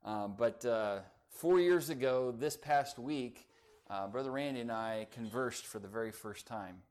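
A middle-aged man, a pastor, preaching a sermon, rising and pressing on key phrases, then dropping into quiet, chatty storytelling. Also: lowish voice, normal speed, clean tone.

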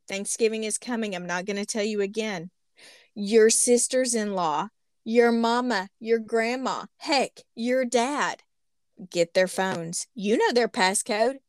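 A woman in her thirties co-hosts a podcast, her fairly high voice rambling through casual chat and self-deprecating jokes. She records in a small closet, so the sound is close and dry. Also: clear, resonant tone, dry recording. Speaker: podcast co-host.

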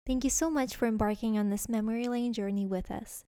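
A woman reading a scripted podcast outro in a smooth, read-aloud way. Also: on the high side, fairly even intonation, fairly quick, warm tone, no room sound. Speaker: podcast host.

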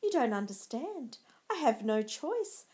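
A woman's voice: high-pitched, very animated, a little slow, darkish tone. A woman voicing an earnest, lovestruck young man who refuses to fight, in a storybook reading. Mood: pleading.

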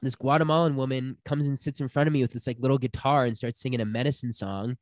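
A man's voice: mid-range voice, fast, no echo, clean studio sound. A young man telling a personal story in casual chat, acting out the people he quotes. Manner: animated storyteller, acts out quotes.

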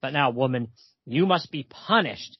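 A man voicing Dracula, an arrogant male vampire lord, in a lowered, commanding tone that sounds slightly muffled. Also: animated, normal speed, slightly rough, no echo. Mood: scornful. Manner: cold, commanding, contemptuous.

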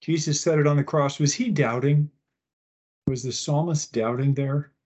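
A man's voice: a little high, normal speed, a little mellow, slightly rough. A man on a church panel asking the group earnest questions. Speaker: panel member. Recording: slightly dull sound.

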